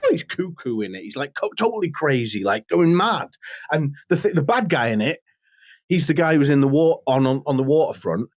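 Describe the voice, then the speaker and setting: A man co-hosting a casual podcast, an animated storyteller who laughs often and slips into impressions. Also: a little high, a little fast, dry recording. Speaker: podcast co-host. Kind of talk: casual chat.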